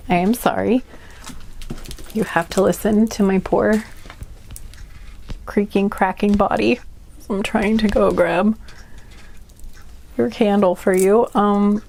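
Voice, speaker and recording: A woman's voice: medium pitch, fairly even intonation, slow, creaky, long pauses, darkish tone, slight background noise. A woman giving a casual tarot card reading, chatty and rambling, often apologizing and laughing at herself. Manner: rambling, apologetic, self-deprecating. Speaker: tarot reader.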